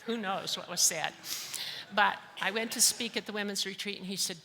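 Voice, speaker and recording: Brief: middle-aged woman, candid testimony speaker, bright lowish voice, reverberant hall. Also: normal speed, slight background noise. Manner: candid, emotional, storytelling. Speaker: conference speaker. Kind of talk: personal testimony talk.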